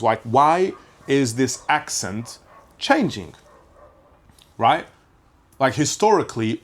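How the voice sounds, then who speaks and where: A man from Portugal hosting a casual comedic podcast monologue, rambling and interrupting himself, with casual swearing. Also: medium pitch. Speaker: podcast host.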